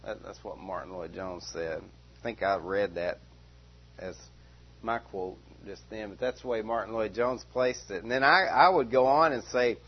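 A man preaching a verse-by-verse sermon, repeating key phrases slowly and with emphasis. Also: fairly low pitch, breathy edge, lo-fi sound. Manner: emphatic repetition, slow stressed phrases. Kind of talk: expository sermon.

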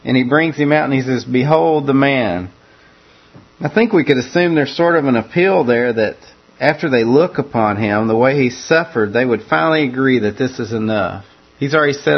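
A man's voice: medium pitch, moderate pace. Casual guy preaching through a bible passage, repeats himself, kinda muffled recording. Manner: conversational, repeats words and restarts phrases. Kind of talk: expository sermon on scripture.

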